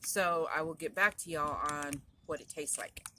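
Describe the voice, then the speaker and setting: A woman's voice: sits low, moderate pace, bright, forceful tone. A middle-aged woman, rambling and chatty as she tells a story to her phone camera. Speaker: vlogger. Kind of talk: casual chat to camera. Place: in a car. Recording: noisy car phone recording. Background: road and vehicle noise.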